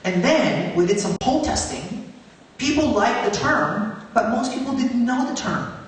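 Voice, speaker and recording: A man speaking onstage at a public event, earnest and animated, his voice rising on questions. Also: very high-pitched, measured pace, slight background noise. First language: Tagalog. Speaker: guest speaker. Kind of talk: onstage conversation. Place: high school auditorium. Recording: echoey hall from far off.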